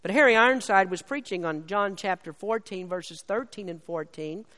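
Preacher in a reverberant church hall. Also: male voice, bright, forceful tone. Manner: slows and lifts his voice on key lines of scripture, then drops low. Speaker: pastor. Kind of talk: sermon.

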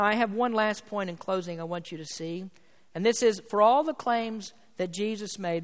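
Emphatic male pastor in reverberant sanctuary. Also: high-pitched. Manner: emphatic preaching, building to fervent climaxes. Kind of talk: sermon. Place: church sanctuary. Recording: long hall reverb from church sanctuary.

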